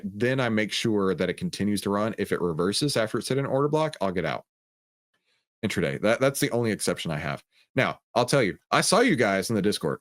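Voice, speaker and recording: A man hosting a trading livestream, reading chat questions and coaching viewers in an upbeat, conversational way. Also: on the low side.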